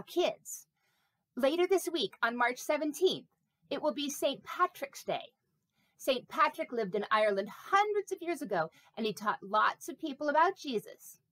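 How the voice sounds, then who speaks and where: A woman's voice: high-pitched, a bit bright, no room sound, exaggerated voice. A woman doing a vain chatty snake puppet. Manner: playful, vain, rambling asides. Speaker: pastor. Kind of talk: children's sermon puppet play.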